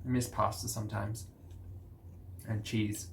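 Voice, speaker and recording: A man's voice: lowish voice, flat delivery, a little slow, gravelly, slight background noise. Dry-witted Australian man. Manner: dry, sarcastic quips. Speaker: video commentator. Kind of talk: casual reaction commentary.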